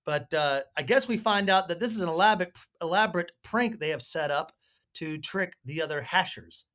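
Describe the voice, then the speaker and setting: A man co-hosting a podcast, casually recapping a film with halting speech and frequent fillers. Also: high voice, animated, sharp tone. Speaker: podcast co-host. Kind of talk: casual movie recap chat.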